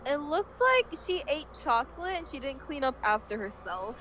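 A woman's voice: sits high, big pitch swings, moderate pace, fairly bright tone, slight background noise, low-quality recording. A woman chatting casually during a game playthrough, laid-back and giggly, with short replies. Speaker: co-player. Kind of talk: casual let's-play commentary.

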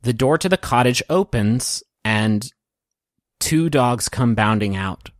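A man narrating a tabletop game as game master, soft and emotional, with small restarts. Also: mid-range voice, lively intonation, slow, dry recording, clean studio sound.

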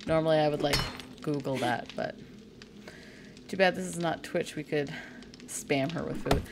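A woman's voice: low-pitched, normal speed, noisy background. A woman from Canada chatting casually and making crude jokes while playing a game on a live stream.

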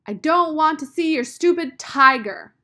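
A woman reading aloud and voicing a bossy, fierce young girl who demands answers and shouts when she is angry. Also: medium pitch, big pitch swings, normal speed, creaky. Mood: furious.

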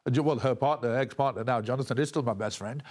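Halting man in a news interview. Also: mid-range voice, darkish tone. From England. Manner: halting, repeats words and restarts often.

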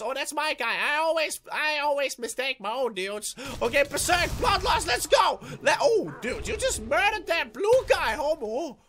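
A man giving excitable gameplay commentary, yelling battle cries and playful trash talk at opponents. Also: very high voice, normal speed, hardly any pauses, slight background noise. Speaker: gaming YouTuber.

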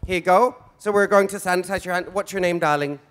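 With a high-pitched, somewhat bright voice, this fast-talking man in his forties hosts a live event in drag. His stage banter before the audience is flamboyant, theatrical, and camp.

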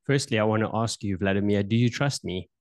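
Here the same kind of host plays a famous politician without changing his voice, which sits on the low side. His delivery is quick yet hesitant and full of repeated words, and the audio has no echo.

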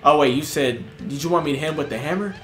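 A young man doing casual, joking let's-play commentary, reacting loudly with slang and laughter. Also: on the high side, fast. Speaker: gaming streamer. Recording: roomy with music in background.

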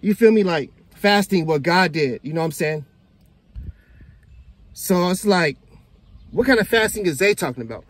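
A man hosting a casual reaction video, animated and laughing as he talks straight to his viewers. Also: high voice, normal speed, long pauses. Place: outdoors in the sun.

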